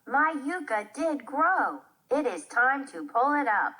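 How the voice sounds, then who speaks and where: A woman's voice: high voice, sing-song, a little slow, bright, forceful tone, full character voice. A determined young girl, read by a woman. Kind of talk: reading a children's play aloud.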